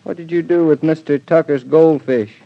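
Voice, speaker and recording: An actor playing a cheerful young architect husband with a breezy, jovial manner, in an old radio drama. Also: male voice, on the high side, fairly even intonation, normal speed, gravelly. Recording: dull lo-fi old radio recording.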